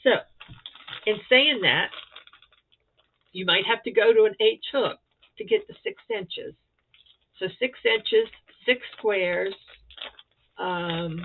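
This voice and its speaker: A woman chatting casually and excitedly as she shows off crochet squares for a vlog. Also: medium pitch, slow, long pauses, slight background noise. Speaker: crochet vlogger. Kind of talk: casual show-and-tell chat. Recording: tinny phone-like sound.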